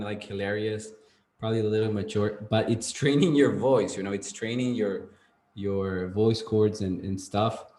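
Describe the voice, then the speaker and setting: A man with Spanish as his first language teaching an English class, relaxed and rambling, checking in with "okay?" often. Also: on the low side. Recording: roomy echo.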